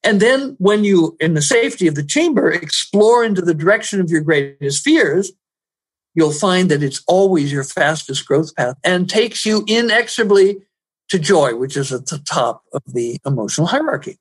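A man who works as a personal growth trainer, telling stories in an interview, animated and rising loud at the dramatic moments. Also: high-pitched, moderate pace, slightly rough. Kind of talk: storytelling in an interview.

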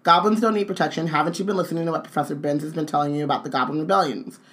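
A woman's voice: deep voice, rapid-fire, a bit bright. A woman co-hosting a casual read-along stream, reading book dialogue with playful jokes and asides.

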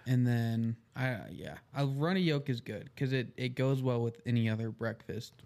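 A man's voice: medium pitch, fairly even intonation, normal speed, darkish tone. Plain mid voice guy, earnest podcast chatter. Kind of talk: casual chat.

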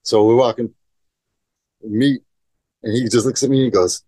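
A man's voice: medium pitch, fairly even intonation, moderate pace, long pauses, a little mellow, dry recording. A man telling skateboarding stories in a casual podcast interview, rambling and profane, acting out quotes. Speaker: guest, professional skateboarder.

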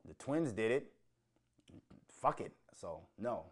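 A man's voice: lowish voice, sing-song, takes it slowly. A man from Minnesota hosting his own show, ranting about sports with heavy profanity and rising heat. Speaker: show host.

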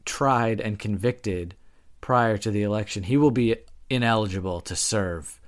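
A man's voice: on the low side, a little slow. Rambling, self-correcting young male podcast host. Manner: explains at length, hedging and correcting himself. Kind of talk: casual chat.

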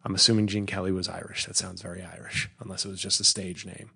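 A man's voice: sits low, level tone, quick pace, vocal fry, pushed and bright, breathy edge. A middle-aged male comedian hosting a solo podcast, rambling through a bit he is working on, restarting sentences and slipping into mock voices. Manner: rambling, self-interrupting, puts on mock voices for bits.

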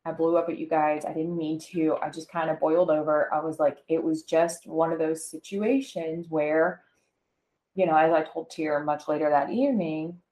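Low-voiced woman rambling candidly. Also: steady tone, moderate pace, mellow. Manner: candid, rambling, heavy on "like" and "you know". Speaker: podcast co-host. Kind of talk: casual personal chat. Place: at home. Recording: echoey room.

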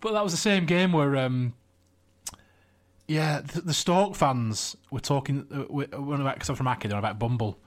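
A young man, co-hosting a podcast, trading wry banter and quick jokes. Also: medium pitch. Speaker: podcast co-host. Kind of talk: casual chat.

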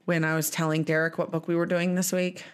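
A young adult woman co-hosting a book podcast in casual chat, chatty and quick to laugh. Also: on the low side, little pitch movement, clear, resonant tone. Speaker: podcast co-host.

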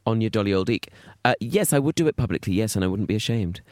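A man's voice: fairly low pitch, animated, fast, a little mellow. A man co-hosting a podcast, camp and teasing in casual banter. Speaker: podcast co-host. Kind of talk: casual chat.

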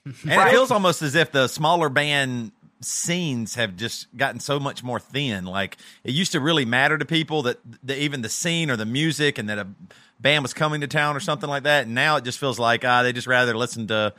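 Fast, bright-voiced male host. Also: mid-range voice, dry recording. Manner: animated, tells stories with quoted asides. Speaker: podcast host. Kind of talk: casual chat.

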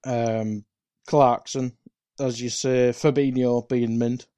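A man's voice: mid-range voice, little pitch movement, dark tone, smooth, dry recording. A man co-hosting a casual football podcast, chatty and sprinkling his talk with "like". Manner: chatty, quick laughs, lots of "like". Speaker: podcast co-host.

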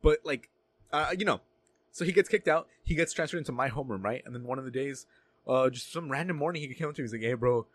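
A man's voice: medium pitch, fast talker. A young man telling a story in casual chat, swearing freely and acting out what others said. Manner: profane, animated storytelling with mimicked voices.

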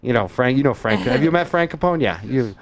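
A man's voice: medium pitch, expressive, fairly quick. A man hosting a radio show from the studio, teasing his co-hosts and guests in rambling casual banter, laughing often. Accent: Boston.

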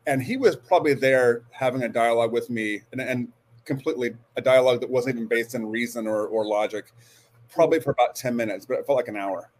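Earnest man telling a story, halting. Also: mid-range voice. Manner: earnest, halting with frequent restarts. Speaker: guest. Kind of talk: storytelling interview.

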